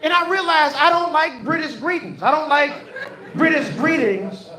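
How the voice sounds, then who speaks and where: A man's voice: very high-pitched, animated, moderate pace, pushed and bright. Man, stand-up comic, loose profane storytelling, stage mic, roomy echo. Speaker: stand-up comedian. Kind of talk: stand-up routine. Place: comedy club stage. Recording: echoey live venue.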